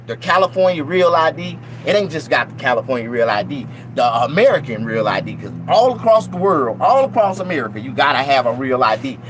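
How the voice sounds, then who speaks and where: Talking briskly with few pauses in a mid-range voice, a middle-aged Mississippi man with a Southern accent delivers a loose, profane, animated monologue to his viewers, including mock-preaching asides. The low-quality recording carries a bit of hiss or hum.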